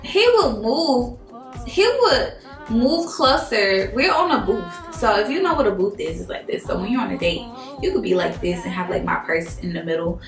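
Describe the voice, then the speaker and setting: A young woman vlogger, telling a dating story in an animated storytime style, swearing freely and acting out quotes. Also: mid-range voice, moderate pace. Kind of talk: storytime vlog. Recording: echoey room, faint music.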